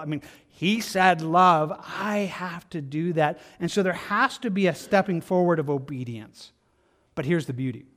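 In a conversational sermon, an American pastor whose voice sits high dramatizes people's excuses with fast little voices.

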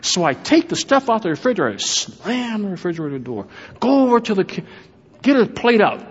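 Husky-voiced man preaching in a hall. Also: sits high, big pitch swings, fairly quick. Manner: storytelling with humor, talks to the congregation. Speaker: pastor. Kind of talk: sermon. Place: church sanctuary. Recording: echoey hall, dull lo-fi sound.

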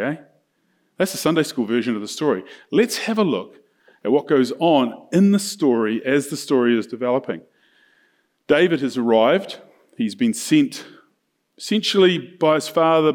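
A man preaches in a relaxed, chatty way. He retells an old story with lively pitch swings and pops into quick, playful voices for the characters along the way. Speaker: pastor. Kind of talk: sermon.

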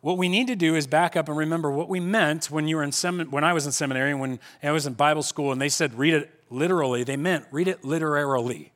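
A man's voice: fairly high pitch, fast talker, hardly any pauses, fairly bright tone. A man in his forties preaching a sermon in a conversational way, often stopping and restarting his sentences. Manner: conversational, self-interrupting with restarts. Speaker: pastor. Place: church hall.

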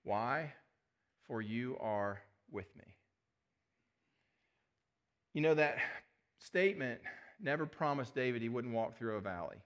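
A middle-aged male pastor preaching a sermon, earnest, often dropping his voice to a hush on key words. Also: medium pitch, lively intonation, slow, long pauses. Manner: earnest, drops to a soft hush on key phrases.

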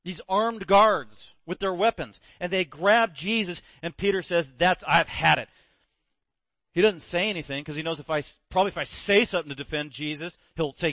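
High-voiced animated male preacher. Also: moderate pace, no room sound. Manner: animated storyteller, acts out quotes. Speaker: pastor. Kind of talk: sermon.

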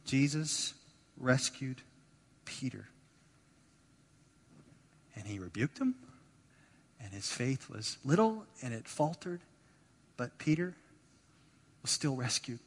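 A man preaching a sermon as pastor, animated, acting out the voices of the people he quotes and repeating words as he builds his points. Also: mid-range voice, slow, long pauses, slightly rough. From United States. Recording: long hall reverb.

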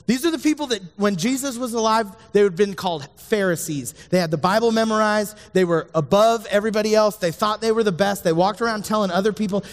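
Earnest preacher in a reverberant hall. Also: male voice, high voice, animated, fast talker, hardly any pauses. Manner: earnest, talks straight to listeners, repeats key lines. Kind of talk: sermon.

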